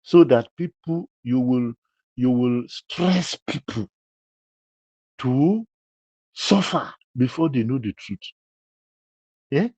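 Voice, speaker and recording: A man's voice: medium pitch, lively intonation, slow, pauses often, dark tone, no echo, lo-fi sound. A man scolding a critic in a direct-address rebuttal, emphatic and full of repeated rhetorical questions. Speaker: public figure addressing a critic.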